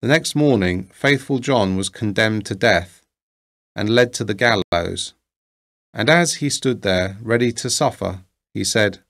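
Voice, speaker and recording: Slow, gravelly male storyteller. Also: on the low side, a bit bright. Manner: measured, deliberate storytelling. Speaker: narrator. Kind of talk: reading a fairy tale aloud.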